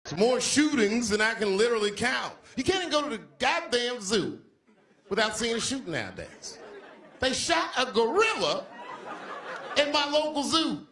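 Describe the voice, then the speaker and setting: Bright high-voiced male stand-up comic. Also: sing-song, normal speed, some chatter behind. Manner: punchy, emphatic delivery with acted-out quotes. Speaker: stand-up comedian. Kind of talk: stand-up set.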